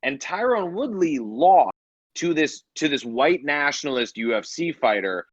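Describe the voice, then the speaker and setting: A man's voice: on the high side, sing-song, unhurried, no room sound, lo-fi sound. A man co-hosting a podcast, chatting casually, indignant and swearing. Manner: profane, indignant. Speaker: podcast co-host. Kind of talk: casual chat.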